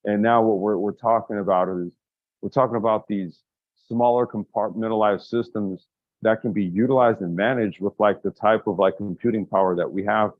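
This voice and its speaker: Male co-host, lowish voice, rambling casual talk, dry and slightly muffled sound. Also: steady tone, normal speed, dry recording. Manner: rambling, frequent restarts and profanity. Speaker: podcast co-host. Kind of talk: casual brainstorming chat.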